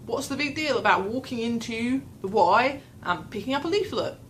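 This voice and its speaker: A woman's voice: fairly high pitch, moderate pace, slight background noise, low-quality recording. A young woman telling a long, rambling, self-mocking story, acting out her own anxious thoughts. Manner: rambling, self-mocking, animated retelling with quoted inner voice. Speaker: vlogger. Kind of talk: casual storytelling vlog.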